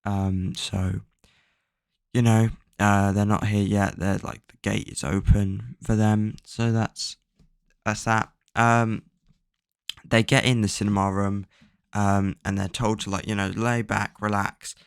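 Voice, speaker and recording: Gravelly-voiced man rambling through a plot recap. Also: lowish voice, little pitch movement, slow pace, no echo, studio quality. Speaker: book plot summarizer. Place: at home, bedroom with a cat.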